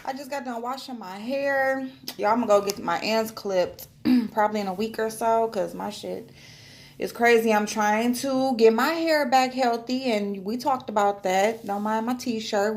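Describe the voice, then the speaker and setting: Lady rambling to her phone at home, cusses a lot, gets teary, laughs it off. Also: mid-range voice. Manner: chatty, loose and emotional, swearing often, laughing. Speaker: vlogger. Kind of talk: casual chat to camera. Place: at home, indoors.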